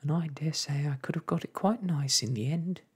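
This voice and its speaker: A man's voice: a little high, moderate pace, pitched above the performer's own voice. A man doing a fretful tiny borrower mother. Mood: fretful, dismayed. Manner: whimpering, wailing, breathy and soft. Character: anxious fretful little borrower mother, middle-aged. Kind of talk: soft-spoken ASMR reading.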